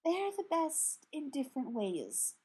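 A woman's voice: a little high, normal speed, warm tone, breathy edge. A woman reading the lines of a dull, sighing young male dryad. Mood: slow. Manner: dull, mournful.

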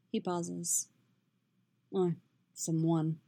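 A woman reading a story aloud in a soft, steady, intimate narration. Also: medium pitch, unhurried. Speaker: reader. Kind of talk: audiobook-style fiction reading.

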